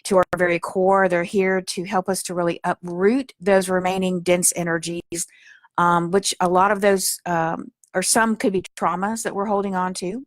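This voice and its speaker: A woman's voice: on the low side, level tone, normal speed, no echo, clean studio sound. A woman teaching spiritual healing in a soothing, earnest way, with frequent fillers as she talks. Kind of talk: spiritual guidance talk.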